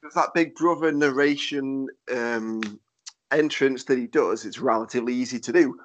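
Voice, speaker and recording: A man hosting a podcast in casual chat, with a nasal, fairly monotone voice, swearing and laughing easily. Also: mid-range voice, normal speed, slight background noise. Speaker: podcast host.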